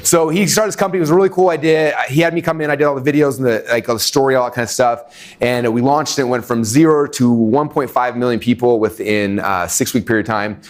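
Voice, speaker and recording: A middle-aged man tells a story in a quick, rushed flow to a room full of listeners. He talks in a casual, animated way, full of fillers, and now and then acts out what other people said. His voice sits at an ordinary male pitch. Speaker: webinar speaker. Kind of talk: energetic storytelling talk.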